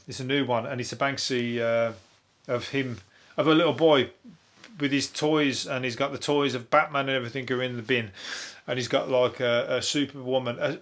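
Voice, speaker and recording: A male comedian with a mid-range, slightly bright voice runs a solo podcast reviewing the news. He rambles on, heavy on the swearing, laughing at his own material.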